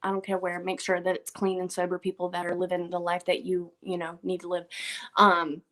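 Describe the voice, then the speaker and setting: A woman's voice: lowish voice, completely flat delivery, fairly quick, a bit bright. Young adult woman, guest speaker, earnest and choked-up delivery. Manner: earnest, repeats words, chokes up. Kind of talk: emotional tribute speech.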